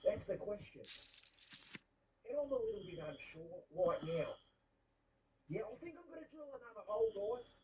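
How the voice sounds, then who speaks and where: A woman working as a leak-detection tradesperson, chatting excitably through an on-the-job video and calling her viewers mate. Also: medium pitch, normal speed, pauses often, recorded from a distance, slight background noise, poor audio. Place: indoors under a shopping centre building.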